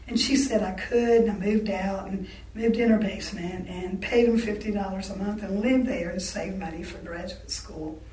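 A woman in her sixties recounting her life in an oral history interview, halting and full of restarts and self-corrections. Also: medium pitch, fairly even intonation, dark tone. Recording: roomy sound from a distant mic.

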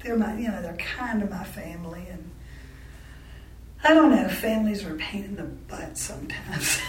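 A woman's voice: mid-range voice, lively intonation, a little hiss or hum. Candid woman recalling past, roomy distant sound. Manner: candid, halting with frequent restarts; laughs wryly between remarks. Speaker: interviewee. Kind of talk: oral history storytelling.

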